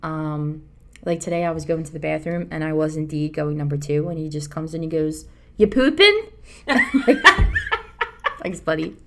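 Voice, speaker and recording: A woman's voice: low-pitched, completely flat delivery, brisk, mellow. A woman co-hosting a podcast in casual, earnest chat, rambling and reassuring. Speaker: podcast co-host.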